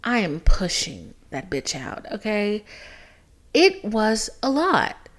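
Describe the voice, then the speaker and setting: A woman's voice: mid-range voice, wildly swooping pitch, slow pace. Dramatic, candid young woman podcaster. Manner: dramatic, candid, swears freely, drops to whispers for emphasis. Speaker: podcast host. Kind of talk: casual storytelling monologue.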